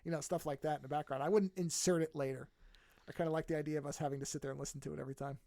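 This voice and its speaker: A man's voice: on the high side, fairly even intonation, very fast, gravelly, mellow, no room sound, studio quality. A man co-hosting a podcast, talking in a rambling, self-amused way with many restarts. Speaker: podcast co-host. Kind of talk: casual chat.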